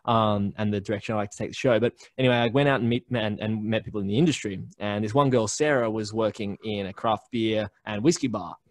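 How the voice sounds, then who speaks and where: A man's voice: on the low side, steady tone, fast talker, few pauses, dry recording. A young Australian man in a casual remote interview, telling stories with lots of fillers and restarts. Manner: chatty storyteller with many fillers and restarts. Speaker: podcast network founder, guest. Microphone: remote call recording.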